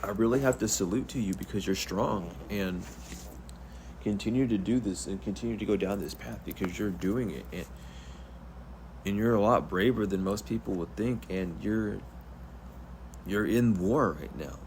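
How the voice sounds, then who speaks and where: A man's voice: on the low side, normal speed, a little mellow, a little hiss or hum. A man giving an earnest, rambling spiritual pep talk, speaking straight to the viewer in a soothing, repetitive way. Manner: earnest, rambling, repeats himself. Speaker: spiritual reader.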